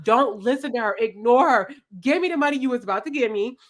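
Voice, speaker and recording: A woman's voice: fairly high pitch, expressive, fast talker, pitched above the performer's own voice, lightly acted. A woman voicing a pushy young woman panhandler, brash and demanding.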